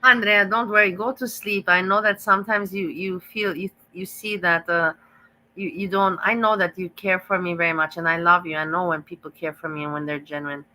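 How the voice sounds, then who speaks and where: A woman's voice: on the low side, fairly even intonation, brisk, pushed and bright, rough recording. A woman hosting a live reaction stream, talking in a rambling, gossipy way that repeats itself and restarts often.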